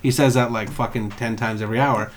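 His voice is medium in pitch and a little fast: a young man co-hosting a podcast in casual conversation. He tells animated, expletive-heavy stories, imitating people as he quotes them.

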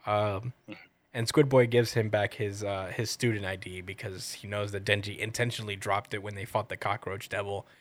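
A man's voice: lowish voice, normal speed. A man co-hosting a casual podcast, rambling through a chapter recap and acting out the characters' lines. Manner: rambling, quotes characters in a lively acted-out way. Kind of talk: casual chat.

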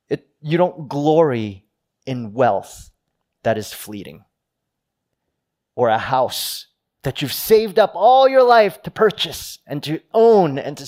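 A middle-aged man preaching a sermon to a congregation, rising high for quoted boasts and sinking low and quiet for solemn lines. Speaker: pastor.

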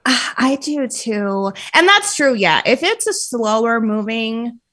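Giggly animated woman chatting. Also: a little high, slow pace. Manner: animated, giggly, lots of fillers like "like". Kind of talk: casual chat.

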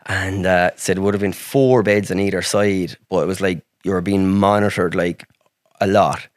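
A man's voice: deep voice, steady tone, moderate pace, no room sound, studio quality. An Irish man from Ireland, a podcast guest telling a story in a rambling way, with heavy swearing and lots of "like". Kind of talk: casual storytelling.

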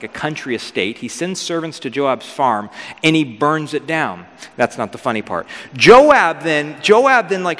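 A man preaching a casual, storytelling sermon as pastor, lively and acting out figures in modern slang. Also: a little high. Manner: animated, acts out biblical figures with modern slang. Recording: long hall reverb.

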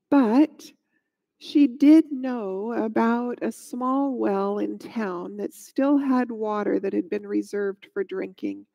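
A woman narrating a Bible story in a gentle, measured storytelling way, on a dull lo-fi recording. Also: a little high, gravelly.

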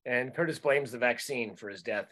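A man's voice: mid-range voice, moderate pace, pushed and bright. A man co-hosting a comedy podcast, telling rambling anecdotes and laughing through them. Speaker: comedian co-host. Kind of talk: casual podcast storytelling.

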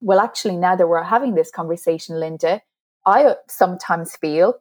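A woman's voice: lowish voice, brisk, a little mellow. A woman author as an interview guest, explaining communication skills earnestly and laughing at herself now and then. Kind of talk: interview conversation.

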